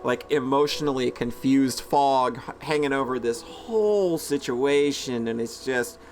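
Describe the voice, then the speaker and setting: A man hosting a let's play, reading a visual novel aloud and breaking in with animated, exclamatory asides. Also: medium pitch, a little slow, faint music behind.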